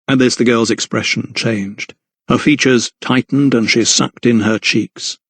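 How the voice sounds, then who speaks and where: A male audiobook narrator reading a novel in a measured, even storytelling manner. His voice sits at a middle pitch for a man, recorded dry and close with no room sound. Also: no echo. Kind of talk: scripted narration.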